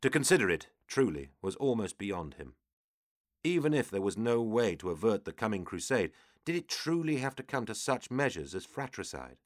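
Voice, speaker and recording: Brief: very deep male narrator, steady scripted reading, dry close studio sound. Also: normal speed, dry recording. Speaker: audiobook narrator.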